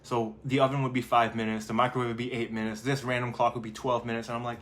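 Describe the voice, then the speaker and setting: A man's voice: mid-range voice, flat delivery, quick pace, few pauses, fairly bright tone, a little hiss or hum. A man, a life coach hosting his own channel, talking casually and rambling a little as he acts out his own thoughts. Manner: conversational, rambling, acts out inner thoughts in quotes. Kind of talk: casual motivational talk to camera.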